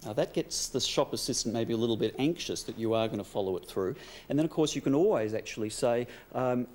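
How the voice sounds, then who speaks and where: A man, a psychologist guest giving calm, explanatory advice on a TV talk show. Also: medium pitch, brisk. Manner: calm, explanatory, laughs easily.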